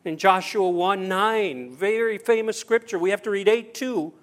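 A middle-aged man preaching a sermon as pastor, telling stories with acted-out quotes and swinging between loud and hushed. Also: sits high, normal speed.

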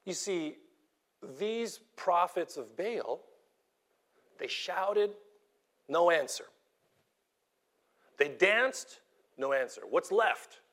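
Slow, emphatic male preacher. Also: sits high, animated. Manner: emphatic preaching, dropping to soft whispers. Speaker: pastor. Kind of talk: sermon.

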